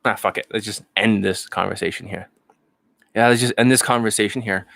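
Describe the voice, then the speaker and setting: A man's voice: lowish voice, fairly even intonation, fairly quick, gravelly, fairly bright tone, no echo. A man hosting an improvised livestream, rambling, swearing and laughing as he talks. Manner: rambling, profane, laughing often. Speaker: dating coach, livestream host. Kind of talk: improvised casual livestream chat.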